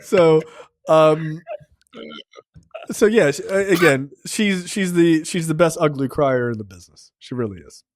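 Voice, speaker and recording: A man's voice: fairly high pitch, a little slow, dry recording, studio quality. Profane man retelling a film. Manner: profane, animated scene-by-scene retelling. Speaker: film review podcast host. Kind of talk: casual chat.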